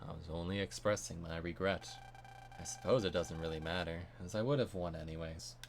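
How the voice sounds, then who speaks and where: A man voicing a calm, smug young male rival from a video game, polite and condescending. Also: low voice, a little fast, background noise, voice pushed down, lightly acted.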